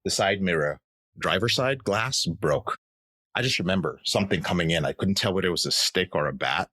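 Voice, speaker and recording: A man's voice: sits low, animated, fairly quick, bright, forceful tone, no echo. A man in his thirties, a podcast guest, telling his personal story in an earnest, reflective way. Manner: earnest, reflective, acts out quoted voices.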